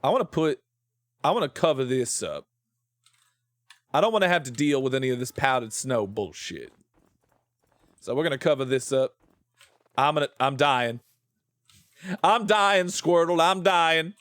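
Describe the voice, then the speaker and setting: A man's voice: medium pitch, lively intonation, normal speed, pauses often, no echo. A man streaming a game, rambling playfully about shows and swearing freely as he plays. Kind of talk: casual live-stream chat while gaming.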